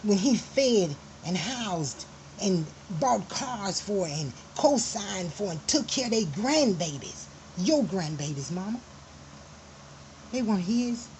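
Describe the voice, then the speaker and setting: A woman's voice: medium pitch, animated, slow, a little mellow, slight background noise, poor audio. A woman telling a family story in an angry personal monologue, profane and emphatic, flaring into heated outbursts.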